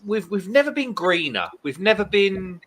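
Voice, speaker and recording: A man in his thirties holds forth on a late-night live stream bar chat, his voice bright and a touch high for a man. He swings his pitch around a lot as he rants and reads viewer comments aloud. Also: sing-song, moderate pace, slight background noise.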